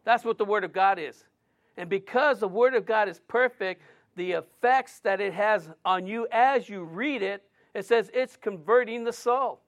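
A man's voice: high-pitched, normal speed, a bit bright. A man preaching a sermon as a pastor, driving his points home with strings of short, repeated phrases.

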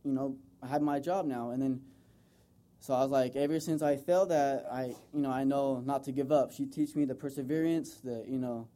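Speaking fairly quickly in a warm, mid-range voice with little pitch variation, a young adult from the United States pays heartfelt tribute to his mother in an informal talk to a group. He rambles and uses many fillers.

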